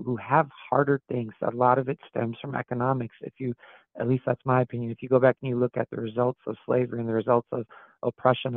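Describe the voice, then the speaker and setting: A man from Wisconsin speaks as a guest pastor in an interview, earnest and reflective, circling back and restarting as he works through his thoughts. His mid-pitched voice carries a steady gravelly fry. The sound is tinny and phone-like, with a dry, close feel and no room around it. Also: no echo. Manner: earnest, reflective, thinks aloud with frequent restarts. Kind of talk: podcast interview.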